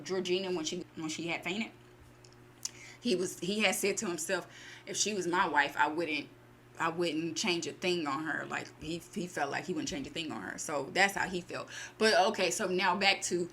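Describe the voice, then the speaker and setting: A woman casually retelling a short story to her channel, acting out the characters' lines with lively bursts. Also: lowish voice, slight background noise. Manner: animated, acts out character lines. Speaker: storytelling host.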